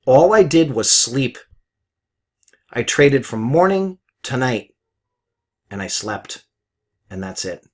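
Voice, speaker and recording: Brief: middle-aged male forex mentor, blunt and profane, live market commentary, chatty with laughs, pitch rises and falls a lot. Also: big pitch swings, takes it slowly, long pauses. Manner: blunt, swears, repeats himself; chatty, laughs at his own jokes.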